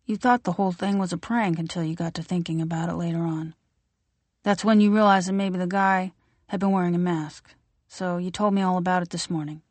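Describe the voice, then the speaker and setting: A woman narrating voices a small-town sheriff, calm and matter-of-fact, who speaks in a steady, unhurried way. Her voice stays fairly low, and the recording is dry and close. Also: no room sound, lightly acted.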